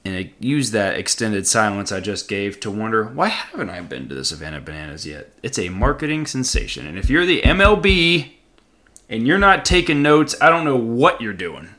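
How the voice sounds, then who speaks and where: A young man hosting a casual solo podcast, rambling and joking, with sudden loud outbursts. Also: fairly low pitch, very animated, normal speed. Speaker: podcast host.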